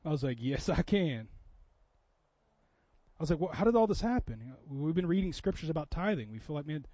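A man's voice: on the high side, big pitch swings, racing, dark tone, no room sound, highs cut off. A man preaching a sermon in a church, telling a story in a conversational way that builds to impassioned preaching. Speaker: pastor.

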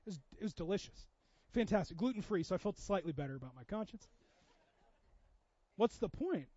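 A middle-aged man preaching a sermon, telling family stories with animated dialogue. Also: sits high, fairly quick, dry recording, muffled recording. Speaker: pastor.

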